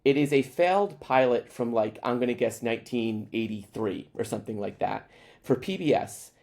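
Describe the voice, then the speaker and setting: A man chatting as a guest on a podcast, telling stories in an animated way with lots of fillers. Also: medium pitch, normal speed, creaky. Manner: animated storyteller, frequent fillers. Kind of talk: casual chat.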